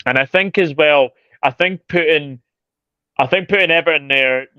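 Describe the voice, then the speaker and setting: A man's voice: a little high, moderate pace, clear, resonant tone, no room sound, dull audio. A man hosting a football livestream, chatting casually and greeting viewers by name. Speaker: football channel host reading live chat.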